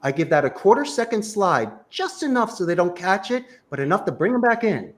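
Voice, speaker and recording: A man with a high, lively voice that swoops up and down as he coaches. He fires off instructions and rhetorical questions with strong emphasis. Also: brisk. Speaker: sales trainer. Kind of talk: animated coaching talk.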